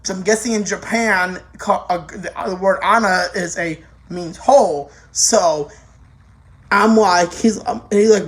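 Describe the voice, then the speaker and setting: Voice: mid-range voice, moderate pace. Rambling casual anime reviewer. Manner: rambling, with many restarts and casual swearing.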